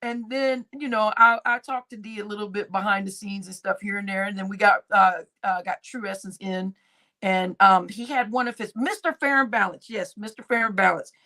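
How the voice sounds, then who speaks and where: A woman's voice: medium pitch, fairly even intonation, moderate pace, bright, forceful tone. A woman hosting a casual livestream, rambling through a story and acting out what people said. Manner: rambling, acts out quoted dialogue. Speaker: livestream host. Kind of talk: casual live-stream storytelling.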